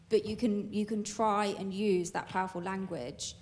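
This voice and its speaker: A woman's voice: mid-range voice, flat delivery, moderate pace, few pauses, a little hiss or hum. A woman panelist talking about human rights, thoughtful and hesitant, with frequent ums. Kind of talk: panel discussion answer.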